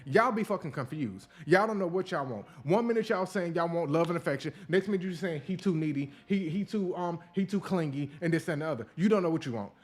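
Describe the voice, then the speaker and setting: Blunt, profane male podcast host. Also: on the high side. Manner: blunt, profane, animated rants. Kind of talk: casual opinion commentary.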